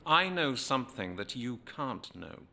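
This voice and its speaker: A man's voice: mid-range voice, big pitch swings, unhurried, gravelly, sharp tone, a little hiss or hum, full character voice. A man voicing a defiant male adventurer held captive in a video game, speaking plainly. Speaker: game protagonist.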